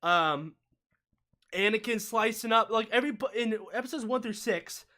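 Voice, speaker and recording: A man co-hosting a casual livestream discussion, talking in an animated, ranting way with quick asides. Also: high voice. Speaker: watch-party co-host.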